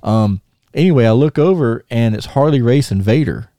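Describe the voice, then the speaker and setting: A man's voice: mid-range voice, lively intonation, moderate pace, mellow, no echo, studio quality. A middle-aged man, hosting a podcast and telling a long, rambling, stop-start story to a friend. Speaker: podcast host.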